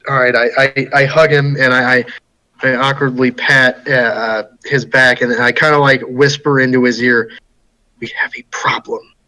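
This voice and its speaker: A man playing a tabletop game, describing his actions haltingly and repeating words. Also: medium pitch, little pitch movement, sharp tone, poor audio. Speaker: player.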